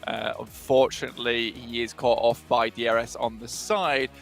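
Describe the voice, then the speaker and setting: A man casting an esports match in a measured, chatty way, with many ums and uhs. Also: mid-range voice, little pitch movement, creaky, faint music behind. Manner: measured, conversational, with fillers. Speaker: caster. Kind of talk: esports play-by-play commentary.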